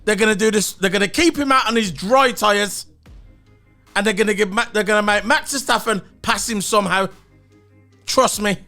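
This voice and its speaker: A man's voice: high-pitched, pushed and bright. A man giving a blunt, opinionated solo review of a race, swearing and repeating his points. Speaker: motorsport commentator.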